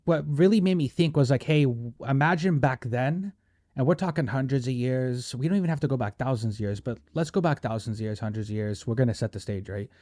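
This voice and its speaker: A man's voice: mid-range voice, fairly quick, a little mellow, no echo. Joking podcast host guy, rambles a lot, dry close mic. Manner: rambling, joking, filler-heavy. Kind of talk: casual podcast chat.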